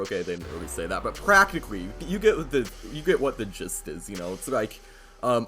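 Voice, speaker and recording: A young American man telling a story-time vlog, loud and hyped, often yelling into a close microphone. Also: on the low side, very animated, brisk, faint music behind. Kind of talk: casual storytelling.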